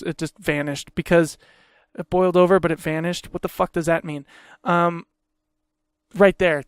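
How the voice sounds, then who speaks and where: A man's voice: high voice, clear, resonant tone, no room sound, studio quality. A man hosting a podcast, ranting heatedly in a casual, profane way and repeating himself. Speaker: podcast host.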